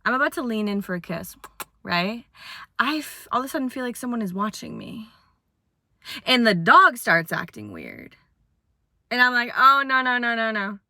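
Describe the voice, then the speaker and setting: A woman's voice: on the high side, very animated, moderate pace, creaky, pauses often, sharp tone, no room sound, studio quality. A young woman in her twenties telling a funny dating story in casual chat, with dramatic retelling and sudden acted quotes.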